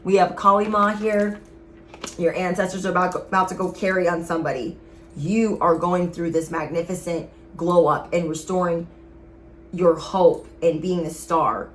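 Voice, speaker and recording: A woman's voice: fairly low pitch, fairly even intonation, normal speed, slight background noise. A woman giving a casual tarot reading, speaking straight to her viewers in an emphatic, sassy way. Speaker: tarot reader.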